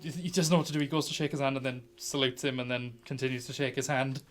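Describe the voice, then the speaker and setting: Chatty game master. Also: male voice, mid-range voice, fairly even intonation, fast, fairly bright tone, slight background noise. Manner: chatty, laughing, many fillers. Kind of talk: narrating a tabletop game.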